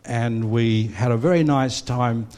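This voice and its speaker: A man's voice: mid-range voice, unhurried, a little mellow. An older man with an Australian accent, preaching a sermon and telling personal stories, with a rambling delivery full of fillers and restarts.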